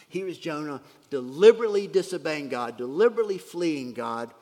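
A man preaching a sermon in an earnest way, with a gravelly, husky voice, dropping to soft whispers for emphasis. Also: medium pitch, long reverb tail. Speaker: pastor.

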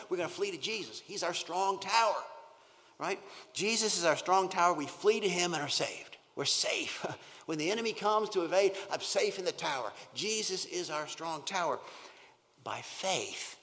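Earnest preacher man in echoing hall. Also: on the high side. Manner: earnest, repeats words, swings from loud emphasis to near-whisper. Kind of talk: sermon. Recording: long hall reverb.

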